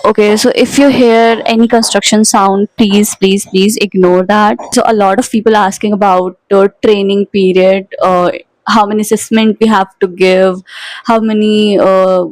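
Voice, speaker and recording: A woman's voice: mid-range voice, flat delivery, a little slow, a little mellow, no room sound, low-quality recording. A young woman in her twenties with an Indian English accent, chatting casually to her vlog viewers and slipping Hindi words into her English. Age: 20s. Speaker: vlogger. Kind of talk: casual chat.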